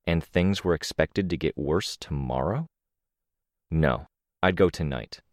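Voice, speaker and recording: A man with a very deep, low voice narrates a first-person audiobook in a measured, even storytelling manner. The recording is dry and close, with no room sound around him. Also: no room sound.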